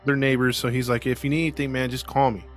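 A man's voice: medium pitch, little pitch movement, fast talker, soft background music. A man hosting a podcast, retelling a case in casual chat, acting out the quoted voices with frequent laughs. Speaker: podcast host.

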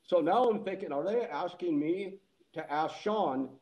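A man's voice: sits high, a little slow, rough recording. A man telling a story in casual chat, laughing often and acting out the people he quotes. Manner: animated, laughs often, acts out quoted lines.

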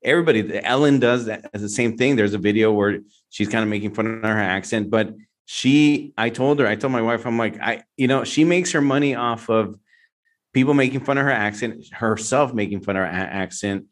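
A man's voice: on the low side, fairly quick. A man hosting a podcast in casual chat, telling stories in a rambling way with many restarts. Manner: rambling, restarts often, animated storytelling.

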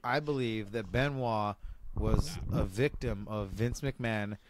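A man's voice: on the low side, slow pace, background noise. A man in a casual group chat who jokes around and puts forward wild theories. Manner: joking, offers wild theories.

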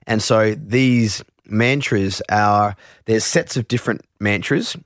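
Low-voiced man explaining calmly, dry close sound. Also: slow pace, no room sound. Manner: relaxed, explains with many restarts and asides. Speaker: meditation teacher. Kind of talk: explanatory interview talk.

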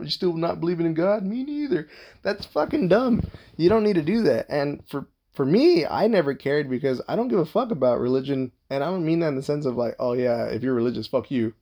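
A man's voice: mid-range voice, a little mellow. A young man telling a casual, profane story, rambling with lots of filler words and acting out what people said. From Southern California. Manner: profane, rambling, full of "like" fillers, acts out quoted talk.

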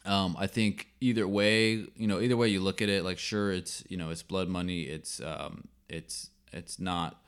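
A man's voice: low-pitched, steady tone, moderate pace, hardly any pauses, clear, resonant tone. A man hosting a casual sports podcast, rambling with lots of fillers and restarts, and getting worked up when he tells a story. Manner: gets worked up when telling a work story. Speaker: podcast host.

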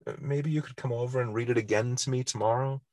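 A man voicing a small grandson who asks softly and quickly, in a movie recap. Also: mid-range voice, steady tone, no echo, pitched above the performer's own voice, close to an everyday voice. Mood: pleading. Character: little grandson, sleepy and sweet.

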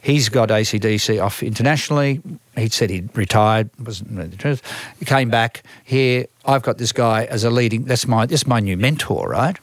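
A music manager with an Australian accent recounts work stories at a moderate pace in a medium-pitched voice, captured in a dry recording. His delivery is animated: he voices the people he quotes and keeps restarting his sentences, the way you would in a storytelling conversation.

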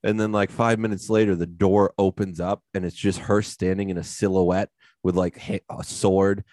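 Deep-voiced man in casual podcast banter. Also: flat delivery, normal speed, darkish tone, no room sound, studio quality. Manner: loose, profane storytelling, acting out scenes. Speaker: podcast co-host. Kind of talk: casual chat.

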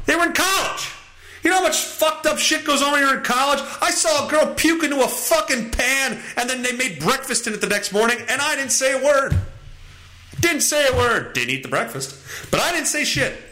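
A man's voice: high voice, bright, forceful tone, roomy sound. A man hosting his own podcast, riffing in a crude, profane, rambling comic monologue. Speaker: podcast host. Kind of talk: casual comedic monologue.

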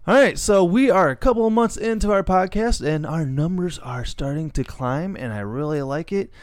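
A man's voice: a little high, lively intonation, normal speed, dry recording, studio quality. A middle-aged man, co-hosting a casual podcast and rambling with frequent restarts. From Illinois, USA. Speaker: podcast co-host.

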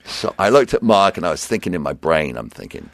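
Deep-voiced man telling radio stories. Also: a little fast, vocal fry, dry recording, clean studio sound. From England. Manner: animated storyteller acting out quotes. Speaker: DJ and radio personality, guest. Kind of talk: casual storytelling interview.

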